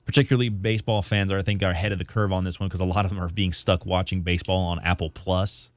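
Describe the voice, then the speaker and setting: A man's voice: deep voice, flat delivery, fast, no echo. A man co-hosting a radio sports show in the studio, easygoing and agreeable in casual chat. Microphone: studio microphone.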